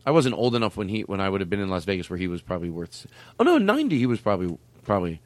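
A man's voice: deep voice, very animated, rapid-fire, no room sound. A man hosting a comedy podcast in loose, riffing chat, laughing often and trailing off mid-thought. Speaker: podcast host.

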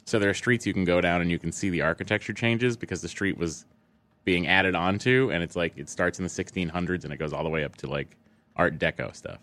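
A man's voice: sits low, fast, fairly bright tone. A man from Boston co-hosting a podcast, explaining bits of trivia in a casual, rambling chat. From United States, Boston. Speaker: podcast co-host.

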